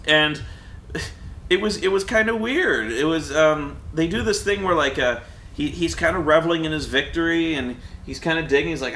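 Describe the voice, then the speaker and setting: A man's voice: a little high, normal speed, pushed and bright, roomy sound, a little hiss or hum. A man who is a movie reviewer, chatting casually and animatedly with his brother, stammering and acting out quotes from the film.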